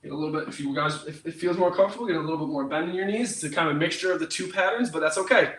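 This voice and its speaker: A young man with a fairly high, somewhat bright voice talks very fast as he runs a live home workout class, upbeat and jokey while counting down reps. The fitness instructor sounds far from the mic in an echoey room, with a little background noise.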